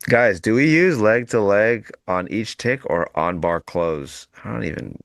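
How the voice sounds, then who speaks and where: Man, host of a trading stream; very low voice, dry close mic, blunt and joking. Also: unhurried, creaky, dry recording. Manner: joking, blunt, reads out viewer comments. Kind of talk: casual panel chat.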